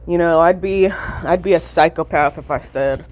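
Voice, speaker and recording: A woman's voice: fairly low pitch, normal speed, a little mellow, a little hiss or hum. A young woman telling a personal story to camera in a candid, rambling way, full of fillers and swearing. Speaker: vlogger. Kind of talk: casual storytime chat.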